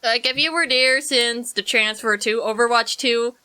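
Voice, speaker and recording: A woman's voice: fairly high pitch, normal speed, pushed and bright, clear, resonant tone. A young woman streaming a game, chatting in a rambling, jokey way and answering her chat. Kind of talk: casual gameplay commentary.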